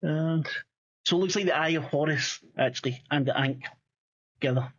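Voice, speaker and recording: A man's voice: fairly high pitch, normal speed, a bit bright, lo-fi sound. A man running a tabletop game as game master, rambling and swearing, full of fillers and restarts.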